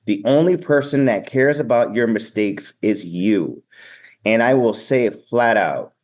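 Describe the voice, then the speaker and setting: Energetic, blunt male emcee with a Boston accent and a lowish voice, casual interview guest. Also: unhurried. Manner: energetic, upbeat and sometimes blunt. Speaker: event emcee and keynote speaker.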